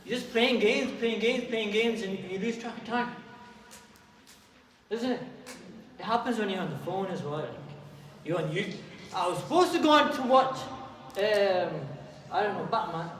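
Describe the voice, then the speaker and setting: Lively man telling a story to kids. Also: sits high. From England. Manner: lively, asks the kids questions, acts out voices. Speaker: youth speaker. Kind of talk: storytelling talk to children. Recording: echoey hall, far mic, faint background hum.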